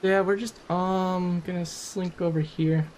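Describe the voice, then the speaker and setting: A man talks through a survival game in a relaxed, rambling way, joking at his own expense. His voice sits a bit high for a man, with a faint hiss of noise behind it. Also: a little slow. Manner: chatty, self-deprecating, rambling. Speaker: game commentator. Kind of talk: casual gameplay commentary.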